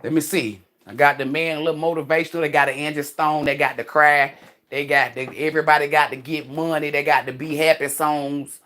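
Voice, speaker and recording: A woman's voice: sits low, steady tone, brisk, a bit bright. Livestream host: a woman outdoors on her phone, blunt and profane, preaching at her viewers. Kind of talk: casual livestream talk. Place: outdoors among trees.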